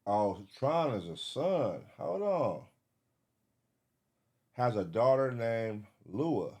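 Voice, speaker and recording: A man giving live reaction commentary, excitable, swearing and thinking aloud as he searches. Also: mid-range voice, drawn-out words, slightly rough. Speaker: reaction streamer.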